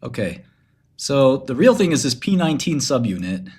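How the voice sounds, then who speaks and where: A man's voice: mid-range voice, very animated, normal speed, darkish tone. A man with a mid-range voice chats casually on a livestream. He rambles, curses freely, and leans into mock-menacing storytelling. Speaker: streamer.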